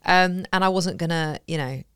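A woman co-hosting a podcast, telling a story in a giggly, animated way. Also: fairly low pitch, normal speed, clean tone, dry recording, clean studio sound. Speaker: podcast co-host. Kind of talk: casual chat.

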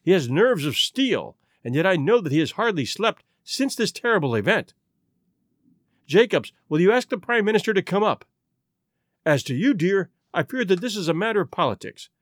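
An excitable young government secretary bursts out in agitated, emphatic lines, as a male reader puts him on. The voice runs high, lively and raised, and the recording is dry. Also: normal speed, no room sound. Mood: excited.

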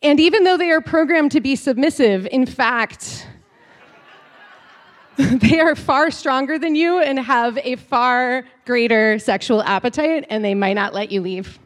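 A robot owner's manual gives a mock-official warning, emphatic and dramatic, as a woman reads it out. The voice sits high. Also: a little slow. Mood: mock-serious.

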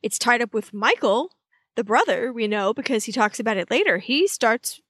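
A woman with a somewhat high voice chats through a recap, relaxed and amused. She retells scenes conversationally. The sound is close and dry, with no room around her. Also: normal speed, breathy edge, no room sound. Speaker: podcast co-host. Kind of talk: casual recap chat.

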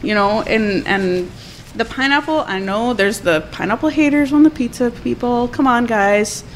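A woman's voice: a little high, moderate pace, slight background noise, poor audio. A woman who owns a cafe and cooks there, chatting with enthusiasm about her food and laughing often on a food show. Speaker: cafe owner and cook. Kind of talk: casual chat on a food show. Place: restaurant.

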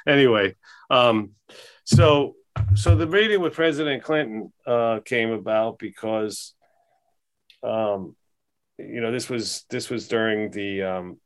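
Man guest, low voice, rambling casual anecdote, lots of ums and restarts. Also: slow pace. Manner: rambling, many fillers and restarts. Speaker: podcast guest. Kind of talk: casual storytelling.

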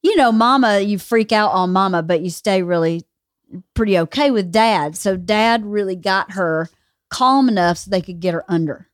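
A woman in a casual chat who tells her side bluntly and is quick to contradict. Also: mid-range voice, no echo, clean studio sound.

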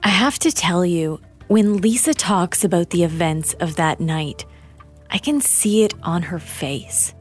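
A woman narrating a true-crime documentary in a measured, grave scripted delivery. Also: fairly low pitch, animated, breathy edge, faint music behind.

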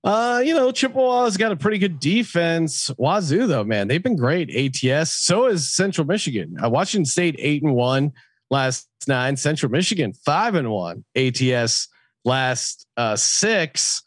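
A man's voice: on the high side, very animated, a little slow, no room sound. A man hosting a sports betting podcast, running through lines and odds and handing off to his co-hosts. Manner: reads lines and odds, throws questions to co-hosts. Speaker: podcast host. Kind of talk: casual sports betting talk.

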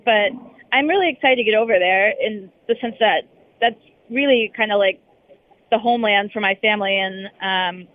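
A woman's voice: medium pitch, no echo. A woman correspondent answering interview questions casually, hesitating with many fillers and restarts, heard over a phone call. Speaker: foreign correspondent guest. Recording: tinny phone line.

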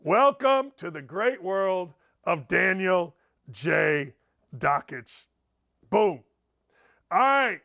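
A middle-aged man hosting a sports talk show, telling rambling, excitable stories and laughing at them. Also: high voice, drawn-out words, vocal fry, long pauses. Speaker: sports radio host. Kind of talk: animated storytelling monologue.

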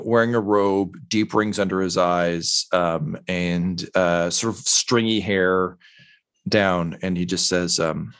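A man's voice: deep voice, clear, resonant tone. A man narrating as game master of a tabletop game, rambling with many fillers.

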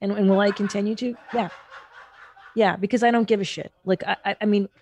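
A woman hosting a podcast in casual chat, blunt and animated, swearing freely. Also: medium pitch, a little fast, a little hiss or hum. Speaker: podcast host.

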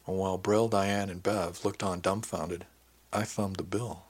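A man reading a first-person audiobook in a measured, descriptive way. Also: low voice, fairly even intonation, husky. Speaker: audiobook narrator.

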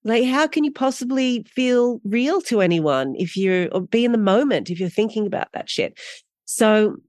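Middle-aged australian woman, chatty guest, lively storyteller, dry close mic. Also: on the high side, no room sound. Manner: animated storyteller, quick bursts, laughs often. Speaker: guest actor. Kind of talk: casual interview conversation.

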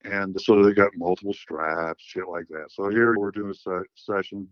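Blunt low-voiced man, candid and profane. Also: fairly even intonation, moderate pace, no room sound, highs cut off. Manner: blunt, profane, with many restarts. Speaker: caller. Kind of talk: frank storytelling interview.

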